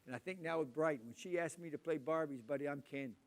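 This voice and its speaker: A man in his sixties preaching a sermon, telling loud, animated family stories. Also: fairly high pitch, fast. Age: 60s.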